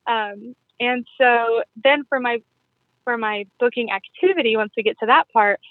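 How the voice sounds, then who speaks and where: A woman casually explaining her jewelry party sales routine in a playful, upbeat way, with self-corrections and quick laughs. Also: on the high side, dry recording. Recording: tinny phone-line audio.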